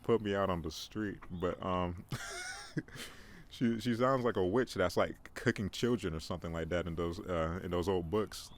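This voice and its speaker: Rambling low-voiced young man. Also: moderate pace, few pauses. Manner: rambling, joking, self-mocking, frequent restarts. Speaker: podcast host. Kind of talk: casual solo podcast monologue. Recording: faint background noise.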